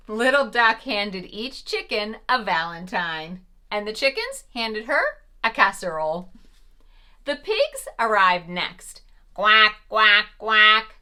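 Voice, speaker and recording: A woman hosting a preschool show, reading a picture book aloud in a gentle, sing-song and encouraging way. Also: mid-range voice. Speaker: preschool storyteller host.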